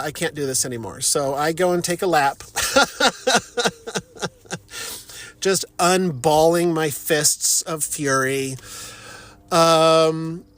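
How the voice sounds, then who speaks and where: A middle-aged man casually telling a story, profane and animated, mocking himself and laughing often. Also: a little high. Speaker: vlogger.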